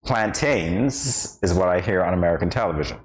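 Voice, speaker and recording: A man with a Kittitian accent co-hosting a morning show in casual studio banter, playful and quick to laugh. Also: on the low side, big pitch swings, low-quality recording. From St Kitts and Nevis. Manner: playful, laughs often, hesitant restarts.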